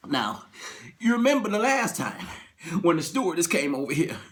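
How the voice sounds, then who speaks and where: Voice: medium pitch, very animated, normal speed, natural voice. A storyteller playing a jittery husband who stammers and pleads, in a comic retelling of a film scene. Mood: insistent. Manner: stammering, pleading, repeats "honey" and "baby". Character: jittery husband on a plane insisting a creature is on the wing.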